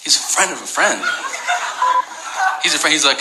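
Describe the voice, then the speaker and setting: A man's voice: fairly high pitch, moderate pace, pauses often, roomy sound, very noisy. A man live-streaming, chatting with strangers in a teasing, profane way and laughing often.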